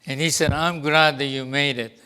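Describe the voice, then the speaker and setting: Older man, English speaker, storytelling to an audience, smooth resonant voice, fairly high pitch. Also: steady tone, pushed and bright. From Japan. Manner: deliberate, acts out quoted dialogue. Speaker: guest speaker.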